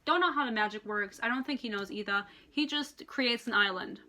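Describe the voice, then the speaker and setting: A woman's voice: on the high side, bright, forceful tone. Exasperated, foul-mouthed woman ranting. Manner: exasperated, profane, sarcastic; acts out characters in quick impressions. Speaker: book reviewer. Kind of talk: ranting book review vlog.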